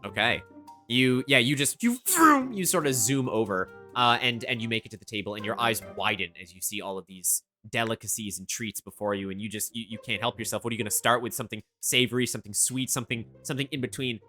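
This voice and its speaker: A man runs a tabletop game, rambling loosely through his descriptions. His voice is bright and animated, with faint music underneath. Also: medium pitch, fast talker. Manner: loose, rambling, with fillers and restarts. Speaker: game master.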